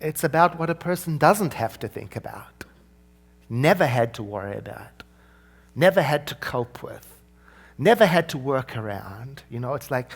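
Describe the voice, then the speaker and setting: Male minister preaching, lively up-and-down voice, playful then slow and gentle. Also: medium pitch, creaky, slightly rough, faint music behind. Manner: animated, with playful asides and gentle slowdowns. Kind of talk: sermon.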